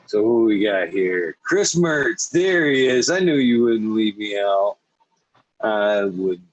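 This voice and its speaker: A man's voice: on the low side, lively intonation, slow, dry recording, dull audio. A young man hosting a casual late-night podcast chat, laid-back and swearing freely, who slips into mocking voices as he laughs. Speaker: podcast host.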